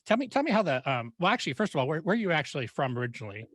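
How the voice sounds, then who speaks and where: A man's voice: fairly high pitch, very animated, rapid-fire, fairly bright tone, no echo. A male podcast host chatting casually with a guest, agreeing often and laughing easily. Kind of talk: casual interview chat.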